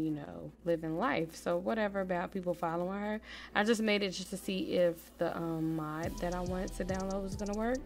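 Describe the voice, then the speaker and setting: A woman hosts a relaxed let's-play and talks straight to her viewers. Her voice sits at an ordinary middle pitch, drops to a low murmur over the menus and jumps to excited squeals. Soft game music plays faintly underneath. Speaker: gaming channel host. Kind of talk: casual let's-play commentary.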